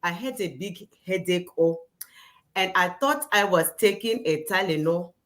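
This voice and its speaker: A woman putting on a smooth-talking Nigerian man. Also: lowish voice, lively intonation, moderate pace, noisy background, voice pushed down, natural voice. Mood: apologetic.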